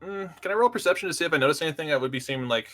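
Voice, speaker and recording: A man's voice: on the high side, lively intonation, rapid-fire, fairly bright tone, faint music behind. A man playing a tabletop game, talking casually and thinking aloud with hesitations. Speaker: player.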